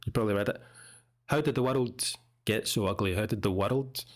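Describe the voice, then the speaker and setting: A man from Scotland with a Scottish accent, teaching English in a relaxed, chatty way as he comments on a video. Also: on the low side, a little fast. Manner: relaxed, chatty, explains pronunciation.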